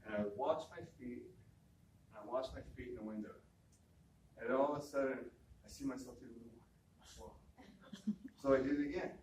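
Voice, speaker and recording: A man telling a personal story in a relaxed, conversational way, often repeating words and quoting other people. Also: mid-range voice, normal speed, pauses often, a little hiss or hum. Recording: echoey room from a distance, faint ambience.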